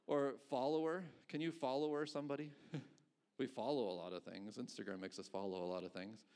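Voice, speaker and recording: A man's voice: fairly low pitch, a little mellow. A middle-aged man, a pastor, preaching a conversational sermon, asking rhetorical questions and chuckling between points.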